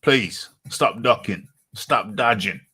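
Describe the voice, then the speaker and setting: A man's voice: lowish voice, slow, sharp tone, breathy edge, faint music behind. A man hosting a live show in a casual, teasing way, who repeats himself for emphasis and talks about himself in the third person. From United Kingdom. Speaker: host.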